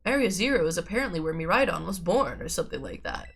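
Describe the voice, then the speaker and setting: A woman with a sore throat reading the lines of an aloof teenage boy in a flat, nonchalant way. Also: on the low side, fast, creaky, breathy edge, full character voice. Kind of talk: reading game dialogue aloud.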